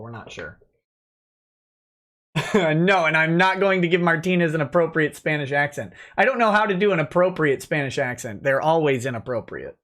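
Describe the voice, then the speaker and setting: A man's voice: on the high side, fairly bright tone. A man hosting a casual livestream, reading and commenting in a sardonic, mocking, chatty way with many fillers. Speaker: lawyer and livestream host.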